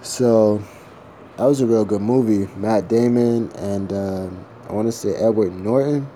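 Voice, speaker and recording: A man's voice: fairly low pitch, a little slow, warm tone, a little hiss or hum. A man talking casually to the camera, meandering and thinking aloud, with some swearing. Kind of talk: casual rambling vlog.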